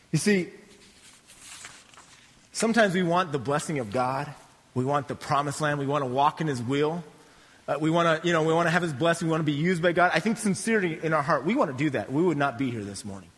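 A man pastor preaching a sermon in a church, conversational and animated, with joking asides. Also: on the high side, fairly quick, long pauses, long reverb tail.

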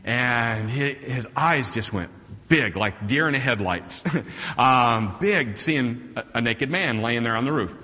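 A male preacher giving a sermon, telling a funny story in an animated, chuckling way before reading scripture and praying. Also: medium pitch, slow pace, big-room sound.

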